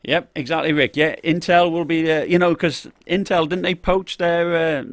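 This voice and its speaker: On a relaxed tech-gear live stream, the host speaks on the high side with a steady tone and moderate pace. He talks in rambling stretches full of "uh," "you know," and restarts, repeatedly pausing to greet viewers by name from the chat. The sound is dry, without room echo.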